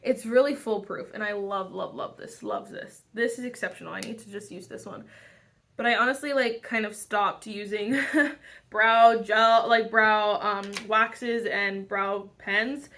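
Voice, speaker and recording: A woman's voice: mid-range voice, unhurried, a bit bright. A young woman chatting casually through a makeup tutorial, rambling with lots of fillers and restarts. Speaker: beauty vlogger.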